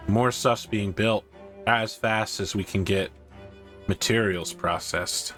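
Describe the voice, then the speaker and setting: Low-voiced man chatting over gameplay. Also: slow pace, soft background music. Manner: chatty, thinking aloud, rising when excited. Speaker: gaming streamer. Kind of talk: casual gameplay commentary.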